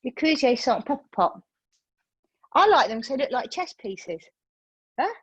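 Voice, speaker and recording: A woman, leading a yoga class over a video call and telling a lively story, acting out her own reactions. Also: high-pitched, normal speed, breathy edge, no room sound, lo-fi sound. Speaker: yoga teacher. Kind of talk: chatty class talk with a personal story. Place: room used for online classes.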